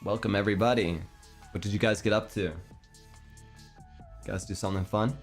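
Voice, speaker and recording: Young adult Canadian man, streamer, hesitant rambling chat, lower register. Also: fairly even intonation, moderate pace. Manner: meandering, hesitant, self-deprecating. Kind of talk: casual chat. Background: faint background music.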